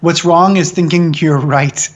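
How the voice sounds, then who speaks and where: Animated, profane man with a higher voice. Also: measured pace. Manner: animated, profane, opinionated, mocking voices for effect. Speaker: film director and guest. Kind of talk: casual interview chat.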